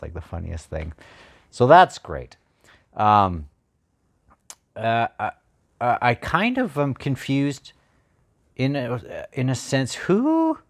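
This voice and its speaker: A man talks through his reactions to a book in a loose, rambling way, with lots of fillers and restarts. His voice sits low. He speaks slowly, with plenty of pauses. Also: gravelly. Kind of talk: casual spoken reaction.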